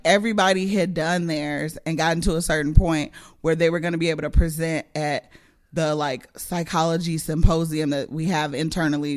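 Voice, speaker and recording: A young adult woman co-hosting a podcast, telling a long story in a casual, profane, animated way and laughing often. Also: low-pitched. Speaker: podcast co-host.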